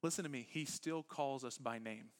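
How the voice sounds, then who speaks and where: A man preaching a sermon as pastor to a church congregation, talking casually, dropping to a hush on some lines and bursting out on others. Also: mid-range voice, moderate pace. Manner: conversational preaching that moves between quiet, intimate lines and animated bursts. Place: church sanctuary with live congregation.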